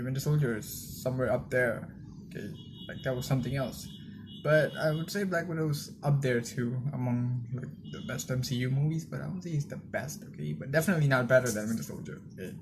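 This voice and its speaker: A man's voice: mid-range voice, fast, background noise. A young man giving a casual spoken film review, rambling loosely with lots of fillers and restarts. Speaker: movie reviewer.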